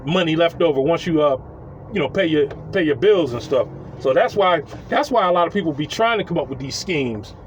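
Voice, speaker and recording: A man's voice: a little high, dull audio, a little hiss or hum. A man telling a story casually outdoors, rambling, swearing and chuckling as he goes.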